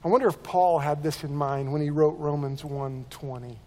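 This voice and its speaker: Delivering his sermon at a normal pace, this pastor has a mellow, steady voice pitched quite high for a man. Earnest throughout, he often restarts and repeats words, and the audio rings with the long reverb of a sanctuary.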